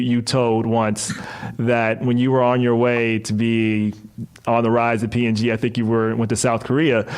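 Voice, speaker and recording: Rambling male interview host. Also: medium pitch. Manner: rambling, repeats words as he builds questions. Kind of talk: conversational interview.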